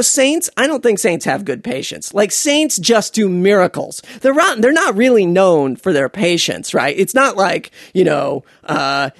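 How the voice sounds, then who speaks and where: A podcast host rambling through a comedic story with a lively, bouncing pitch. The delivery is digressive and jokey, full of fillers and side tangents, in a dry, close recording. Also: gravelly, dry recording.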